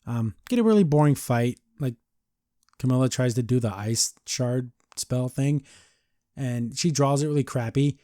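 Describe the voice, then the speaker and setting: A man's voice: mid-range voice, moderate pace, warm tone, dry recording, clean studio sound. A man casually recapping a cartoon episode, rambling with lots of "like" and acting out the characters' lines as he goes. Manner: rambling, heavy use of "like", acts out quotes. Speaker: podcast reviewer.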